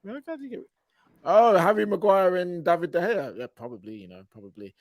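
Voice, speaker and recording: A man's voice: sits high, very animated, a little fast, no room sound, highs cut off. A young man hosting a casual podcast chat, laid-back and slangy, reading viewer messages aloud. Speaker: podcast host reading super chats.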